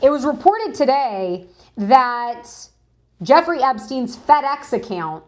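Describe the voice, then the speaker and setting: A woman's voice: high voice, very animated, takes it slowly. A woman hosting a live news stream, chatting casually and greeting viewers in chat as she talks through documents. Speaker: livestream news host.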